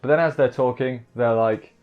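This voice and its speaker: A man's voice: medium pitch, normal speed. A man giving a casual, rambling recap of an anime episode, full of fillers and self-corrections. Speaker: anime reviewer. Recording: dull lo-fi audio with faint music.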